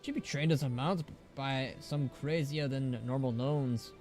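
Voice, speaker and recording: This is a rough-edged troll keeper of animals, talking in a broad troll dialect with a folksy, unhurried drawl. A man acts him out while reading a game aloud. The voice sits at an ordinary male pitch with faint music beneath it. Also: steady tone, darkish tone, natural voice. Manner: island troll dialect with "be" in place of "is".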